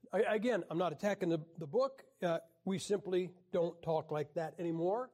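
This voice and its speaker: High-voiced joking male Bible teacher. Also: moderate pace, dark tone. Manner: wry, joking, clears throat often. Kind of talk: joking classroom lecture.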